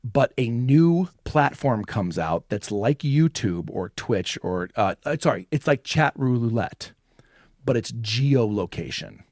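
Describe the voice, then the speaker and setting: A man's voice: medium pitch, lively intonation, slow, a little mellow, no room sound, studio quality. A man co-hosting a podcast, rambling and swearing in casual chat, says like a lot. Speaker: podcast co-host.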